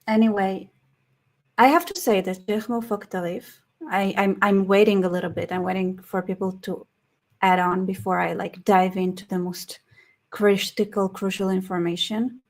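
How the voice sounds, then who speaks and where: A tired, slightly hoarse woman hosting a casual live stream, rambling with frequent restarts and reading chat comments aloud. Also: mid-range voice, fairly even intonation, normal speed, darkish tone. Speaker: livestream host.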